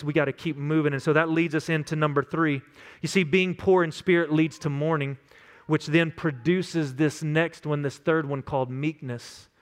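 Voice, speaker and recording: A man in his thirties from West Texas with a Texan accent, preaching a conversational, story-driven sermon. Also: fairly high pitch. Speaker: pastor.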